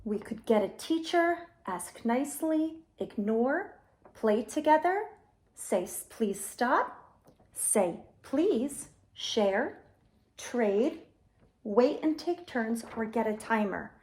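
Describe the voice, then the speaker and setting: A woman teaching young children in a gentle, patient, instructive manner. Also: a little high, expressive, takes it slowly. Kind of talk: children's lesson with toys.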